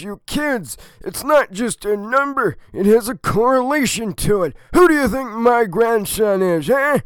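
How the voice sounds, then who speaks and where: A man's voice: very high-pitched, a bit bright, clean tone, dry recording, voice pushed up, full character voice. A young man voicing a fussy, scolding old grandfather full of old-fashioned exclamations.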